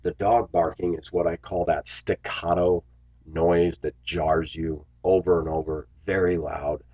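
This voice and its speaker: A man speaks in a very low, deep voice, airing blunt opinions straight to his viewers. The sound is dry and a little dull and lo-fi. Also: little pitch movement, unhurried, darkish tone, no room sound. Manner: blunt, opinionated, acts out quotes. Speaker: video commentator.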